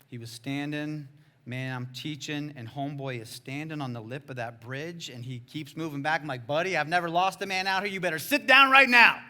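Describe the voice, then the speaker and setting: A male pastor telling a story in a sermon, in casual slangy talk that swings between loud exclaims and hushed asides. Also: mid-range voice.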